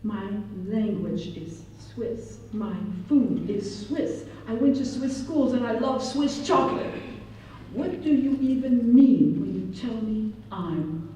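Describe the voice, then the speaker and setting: A woman voicing her calm, matter-of-fact Swiss husband, speaking slowly and evenly. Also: a little high, slight background noise. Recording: echoey hall, distant mic.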